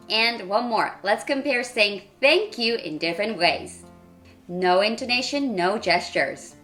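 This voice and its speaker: A woman in her thirties from Wales, giving a clear, expressive English lesson to camera. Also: mid-range voice, moderate pace, faint music behind. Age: 30s. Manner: clear, expressive teaching delivery. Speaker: English teacher.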